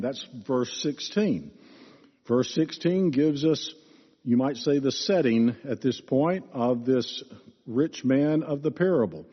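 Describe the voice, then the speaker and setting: Male pastor, emphatic sermon delivery; slightly high, husky voice, slow; church reverb, lo-fi. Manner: expressive, emphatic teaching. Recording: reverberant hall, dull lo-fi sound.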